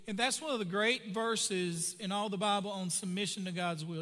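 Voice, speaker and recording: High, bright pastor preaching. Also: male voice. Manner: earnest, emphatic preaching with slowed stressed phrases. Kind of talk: sermon with prayer. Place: church sanctuary. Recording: reverberant church hall.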